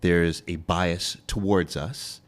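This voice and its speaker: A man's voice: sits low, steady tone. A man hosting an interview podcast, talking in a playful, casual way and leaning on key words. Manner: playful, laughs often, drawn-out emphasis. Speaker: host.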